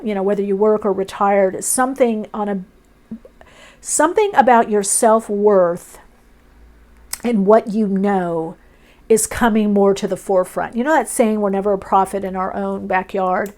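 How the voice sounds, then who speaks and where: A woman's voice: mid-range voice, moderate pace, darkish tone. A woman doing an intuitive tarot reading, musing aloud in short, dreamy phrases. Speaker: tarot reader. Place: indoors, off camera.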